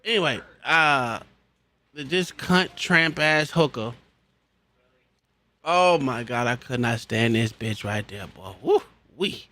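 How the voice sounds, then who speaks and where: A man rants and reacts in a crude, profane way, often breaking into laughter. His voice is bright and edgy. His pitch leaps about in a lively way. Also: slow, long pauses. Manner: loud, crude, laughing, mock-quoting. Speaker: reaction streamer.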